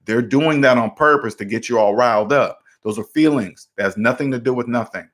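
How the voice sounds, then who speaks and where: A man with an average-pitched voice hosts a livestream and answers viewer questions about debt. He talks in a direct, emphatic way and often repeats words as he pushes his point. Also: a little fast. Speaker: debt advice host.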